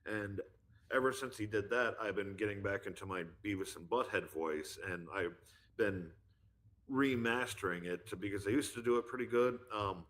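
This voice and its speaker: A man's voice: fairly low pitch, normal speed, a bit bright. A man chatting as a guest, rambling with many fillers as he explains his voice impressions. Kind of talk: casual chat.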